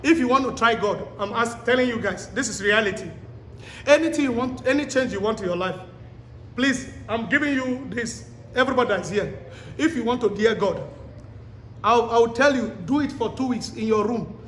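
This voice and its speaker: A man preaching a sermon to a live congregation, pleading and exhorting with shouted, repeated commands and quizzing the listeners directly. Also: very high voice, expressive, moderate pace, slight background noise. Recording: echoey hall with long reverb.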